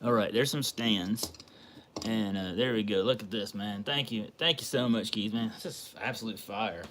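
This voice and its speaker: Male livestream host, bright, gushing, excitable; casual chat. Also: on the low side, normal speed, a little hiss or hum. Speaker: card collecting livestream host. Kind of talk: casual livestream chat while opening a package.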